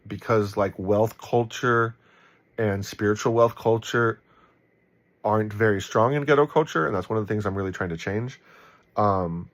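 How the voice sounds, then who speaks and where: In a lowish voice, a man offers casual commentary on the Bible. He's relaxed and rambling, peppering his speech with ums and likes, and his tone stays warm and encouraging.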